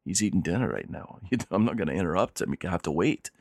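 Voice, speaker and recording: A man's voice: low-pitched, animated, fast talker, darkish tone, no room sound, studio quality. A man voicing a nervous, apologetic male dwarf servant who stubbornly refuses to let anyone past the door he guards.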